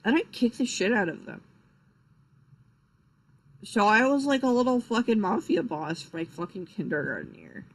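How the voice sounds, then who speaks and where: A man's voice: sits high, big pitch swings, normal speed, pauses often, a bit bright, rough recording. Rambling, profane young male streamer. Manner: rambling, profane, frequent fillers and restarts. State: tired, yawning. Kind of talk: casual live-stream chat.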